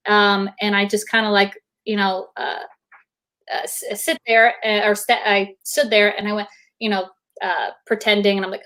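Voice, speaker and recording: A woman guest on a video-call interview, telling an animated anecdote and acting out quotes. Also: normal speed. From United States. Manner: animated, acts out quotes in high voices. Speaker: guest actor. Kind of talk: casual storytelling.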